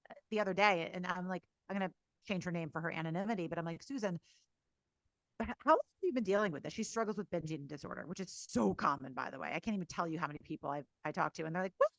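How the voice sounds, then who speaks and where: Bright, blunt woman. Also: fairly low pitch, fast talker, vocal fry, no room sound. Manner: energetic, blunt, swears casually. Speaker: podcast guest, coach. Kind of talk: candid podcast conversation.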